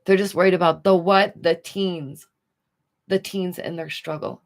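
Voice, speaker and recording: A woman's voice: lowish voice, fairly even intonation, a little slow. A woman hosting a commentary livestream, talking casually and animatedly to her audience with rhetorical questions. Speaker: commentary streamer.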